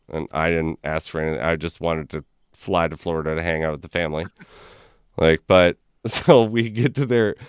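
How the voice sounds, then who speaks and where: A man with a very deep voice, smooth and clean, tells a long story in casual chat. He rambles, keeps saying "like," and slips in and out of the people he quotes. The sound is close and dry, with no room around it. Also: no echo. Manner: rambling anecdote full of "like", acting out quoted people. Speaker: gaming stream host.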